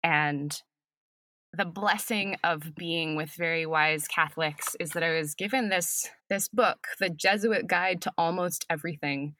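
A woman speaking as an acting professor guest in a reflective podcast conversation, thoughtful and unhurried, with soft laughs. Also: on the low side, no room sound.

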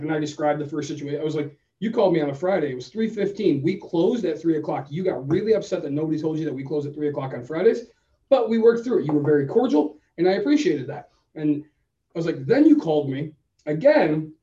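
A man co-hosting a podcast, telling a story in a casual, animated way and acting out both sides of the conversation. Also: a little high. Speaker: podcast co-host. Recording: roomy, distant, dull sound.

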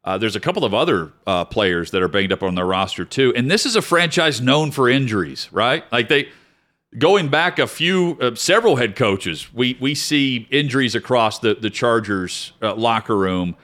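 A man's voice: medium pitch, animated, normal speed, fairly bright tone. A man co-hosting a sports talk show, making conversational points that build up in loose lists. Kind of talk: sports talk radio discussion.

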